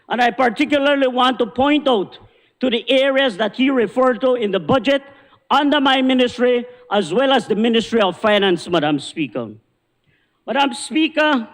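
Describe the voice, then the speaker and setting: Belizean male minister, very high pitch, fiery indignant floor speech, reverberant chamber. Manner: forceful, indignant oratory, repeating "Madam Speaker". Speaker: government minister. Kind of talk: parliamentary speech. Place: parliament chamber.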